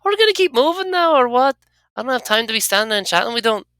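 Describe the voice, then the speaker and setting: A player voicing a prickly young tiefling woman, gruff and defensive. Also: medium pitch, big pitch swings, fast, bright, forceful tone, dry recording, pitched above the performer's own voice. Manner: gruff, defensive, inverted word order. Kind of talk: reading game dialogue aloud.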